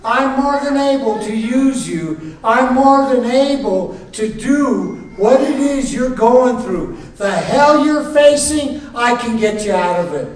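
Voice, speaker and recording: God as a commanding, booming male deity, put on by a preacher. The voice rings high and slow. It sounds from far off in a very echoey hall. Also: animated, full character voice. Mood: declaring.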